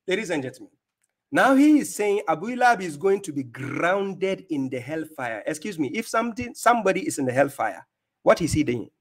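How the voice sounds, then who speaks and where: This Ghanaian host's slightly high voice swings widely in pitch and moves fairly quickly. He plays a clip and mocks its speaker, taunting scornfully and laughing at him.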